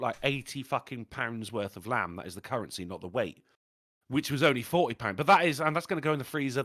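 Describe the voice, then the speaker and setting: In a studio-quality recording with no echo, a British man co-hosting a podcast tells mischievous anecdotes. His mid-range voice stays animated and casual, and he swears freely throughout.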